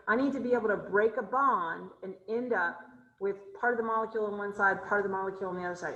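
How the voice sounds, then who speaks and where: A woman teaching chemistry over a video call, her voice sitting at an ordinary pitch. She talks her class through each step, quizzes them often and corrects herself as she goes. The room around her sounds echoey. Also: a bit bright, muffled recording. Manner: asks students questions, thinks aloud while drawing. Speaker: chemistry instructor. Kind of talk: online class lecture.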